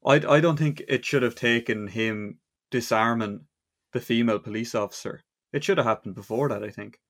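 A man's voice: mid-range voice, a little fast, fairly bright tone. A man interviewing a guest in a casual chat, weighing his words as he speaks.

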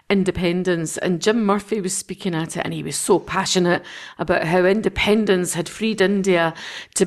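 A Scottish woman hosting a podcast, chatting casually and animatedly about politics with frequent laughs. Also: on the low side. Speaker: podcast host.

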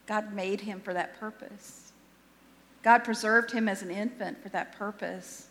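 A woman's voice: mid-range voice, fairly even intonation, measured pace, fairly bright tone, big-room sound. A woman pastor giving a sermon in a conversational, self-deprecating way, often restarting her sentences.

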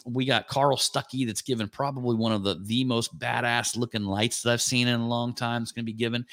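A man hosting a casual chat, talking excitedly and rambling through long lists of names. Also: mid-range voice, dry recording, studio quality. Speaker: podcast host.

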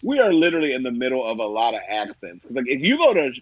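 Lively Ohio man chatting, slightly muffled. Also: mid-range voice, fast, husky, no room sound. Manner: animated, laughing, mock-indignant asides. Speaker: podcast co-host. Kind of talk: casual chat.

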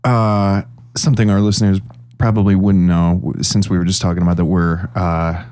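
Young male co-host; relaxed, wry, profane banter at an everyday pitch. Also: normal speed, clean tone. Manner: laid-back, profane, wry. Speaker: podcast co-host. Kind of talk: casual chat.

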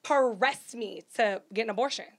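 A woman's voice: a little high, a little hiss or hum. A woman in her thirties hosting a casual chat, telling a personal story candidly and emotionally. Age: 30s. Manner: candid, emotional, fast bursts.

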